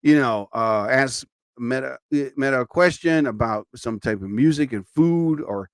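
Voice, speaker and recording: A man's voice: mid-range voice, unhurried, dry recording. A tired man hosting a live show, chatting casually and rambling, with frequent exclamations. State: sleepy, tired. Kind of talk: casual live-stream chat. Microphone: studio mic.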